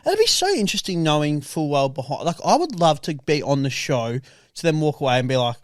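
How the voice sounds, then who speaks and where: A man's voice: fairly high pitch, sing-song, brisk, no room sound. A young man co-hosting a podcast, chiming in with slang, agreement and casual swearing. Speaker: podcast co-host. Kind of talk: casual chat.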